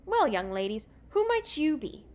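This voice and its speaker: A woman reading aloud and voicing a cocky young man, with a loose attempt at an English accent and a loud, teasing manner. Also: sits high, sing-song, moderate pace, pitched above the performer's own voice.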